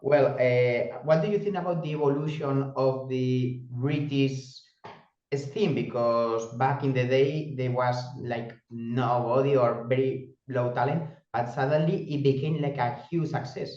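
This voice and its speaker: A man's voice: medium pitch, steady tone, unhurried, darkish tone. Hesitant male interviewer, roomy dull audio. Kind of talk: interview questions.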